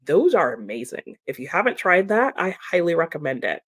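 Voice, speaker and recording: A woman's voice: lowish voice, sing-song, a little fast, husky. A woman hosting a book livestream, chatting casually and laughing often as she reads out viewer comments. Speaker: booktube host reading chat comments.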